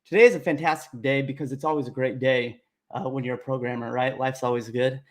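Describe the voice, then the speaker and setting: A man's voice: mid-range voice, fairly even intonation, a little fast. A young man, a coding instructor, hosting a casual livestream and chatting upbeat with viewers, reading their names aloud.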